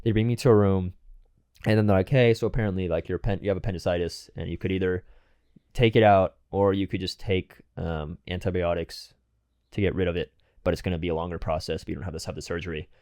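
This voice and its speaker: A man's voice: sits low, steady tone, fast talker, a little mellow, dry recording, clean studio sound. A young man co-hosting a podcast, rambling through a casual anecdote full of fillers and acted-out quotes. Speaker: podcast co-host. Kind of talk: casual storytelling chat.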